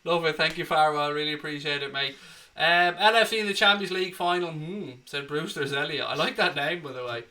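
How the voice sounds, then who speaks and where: A man's voice: a little high, fairly even intonation, fairly quick, pushed and bright. An Irish man hosting a live football watchalong, chatting cheekily and reading out viewer comments. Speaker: host.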